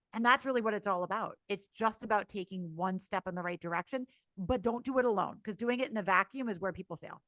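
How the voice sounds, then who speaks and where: Woman coach on a podcast, bright punchy voice, blunt and energetic, swears now and then, dry close sound. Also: medium pitch, no echo. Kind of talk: candid podcast conversation.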